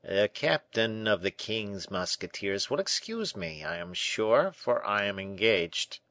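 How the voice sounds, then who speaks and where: A hurried old tailor, as a male narrator does him, brisk and insistent, barely civil. the low, dry read gives his complaints a clipped firmness. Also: very animated, sharp tone, no room sound, full character voice. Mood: harried. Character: busy, curt old tailor, man.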